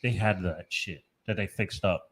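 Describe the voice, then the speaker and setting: Excitable, profane podcast co-host, man, talks loudly in casual banter. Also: deep voice, normal speed, breathy edge. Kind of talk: casual chat.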